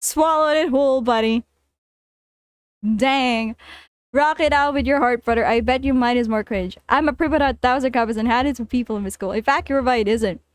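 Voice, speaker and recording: A woman's voice: fairly high pitch, normal speed, clean tone, no room sound, clean studio sound. A woman streaming casually, reading viewer stories aloud and reacting with frequent laughter and repeated phrases. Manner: giggly, laughs often, repeats herself. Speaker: vtuber streamer. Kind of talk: casual livestream reading and commenting.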